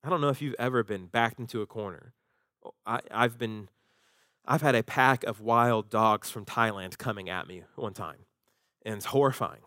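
A man preaching a sermon as pastor, animated, jumping up in pitch when he acts out quoted voices. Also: dry recording, clean studio sound.

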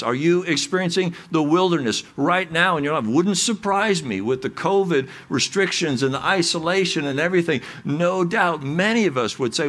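A man's voice: on the high side, normal speed, a bit bright. A man preaching a sermon, talking conversationally with small restarts and growing emphatic when he reads scripture. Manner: earnest, rising to emphatic readings of scripture. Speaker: pastor.

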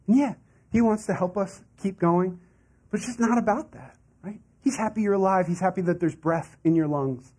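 Male pastor, husky voice, conversational sermon with laughs. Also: sits high, expressive, fairly quick, warm tone.

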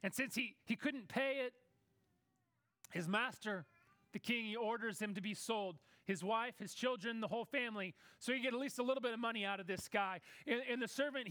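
A man preaching a sermon in a conversational way, acting out Bible characters in quick asides. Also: very high voice, fairly bright tone, dry recording.

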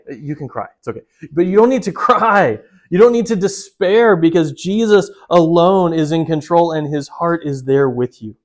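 A man's voice: medium pitch, darkish tone. A man preaching a sermon, earnest and direct, putting questions straight to his listeners. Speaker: pastor.

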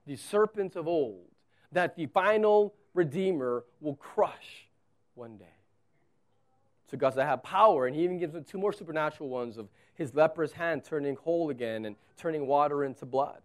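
A man's voice: a little high, expressive, moderate pace. A male pastor preaching a sermon with emphasis, acting out the quotes.

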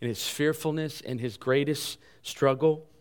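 A man's voice: fairly even intonation, measured pace, smooth. Earnest male pastor preaching. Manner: earnest preaching, dropping soft and low in the closing appeal. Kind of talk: sermon.

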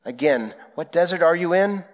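Here a man pitched on the high side preaches as a pastor, expressive in his delivery. The sermon comes across as earnest and prayerful, its phrasing unhurried and deliberate.

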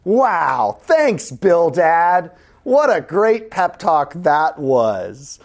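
A man's voice: on the high side, very animated, drawn-out words, full character voice. A man acting out a bitter, sarcastic grown man who mocks his unhelpful friends. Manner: biting sarcasm.

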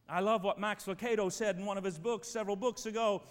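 High-voiced preacher in an echoing hall. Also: male voice, steady tone, fast. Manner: emphatic preaching, swings from loud to quiet. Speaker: pastor. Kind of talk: sermon. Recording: long reverb of a church hall.

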